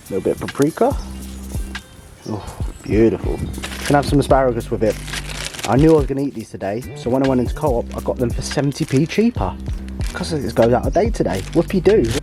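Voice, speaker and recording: A young man from England, chatting bluntly and swearing while he cooks in a casual vlog. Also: on the low side. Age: young adult. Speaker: fitness vlogger. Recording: roomy sound with music behind.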